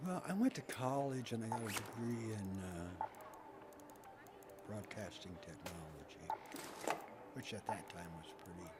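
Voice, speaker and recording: A middle-aged man telling profane, animated stories about his past as a band singer in an interview. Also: on the low side, measured pace, pauses often, very noisy. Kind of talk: casual storytelling interview.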